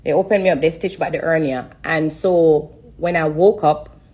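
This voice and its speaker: A low-pitched woman speaks on a live stream, her voice husky and slightly breathy. She talks in halting, emotional bursts, repeating phrases and pausing often as she gives a personal testimony. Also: fairly even intonation, a little mellow.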